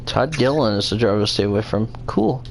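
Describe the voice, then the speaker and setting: A man's voice: fairly low pitch, quick pace, creaky, heavy background noise. A man hosting a casual show, chatting while he plays a game, rambling and swearing freely at it. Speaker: show host. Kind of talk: casual chat while gaming.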